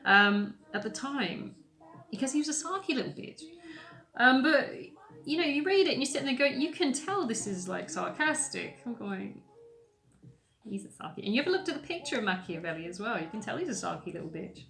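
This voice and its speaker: A woman's voice: fairly high pitch, very animated, fairly quick, vocal fry, a bit bright. A woman hosting a podcast, talking in a blunt, sweary, sarcastic way with plenty of ums. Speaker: podcast host. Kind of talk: casual opinion monologue while painting. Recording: roomy echoey room sound.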